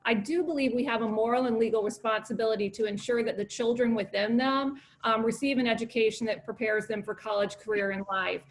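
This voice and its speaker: A middle-aged woman and former school administrator, answering as a candidate at a forum in a confident, measured way. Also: a little high.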